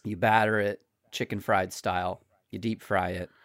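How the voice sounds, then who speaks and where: A man's voice: lowish voice, level tone, normal speed, fairly bright tone, no room sound, clean studio sound. A man joking around in a casual chat. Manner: playful, joking.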